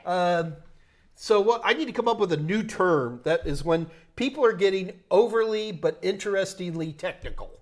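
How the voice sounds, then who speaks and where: A man's voice: high-pitched, normal speed. Joking New York man hosting a tech Q&A. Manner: loose, joking, thinks aloud with restarts. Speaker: host answering tech questions. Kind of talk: live Q&A stream.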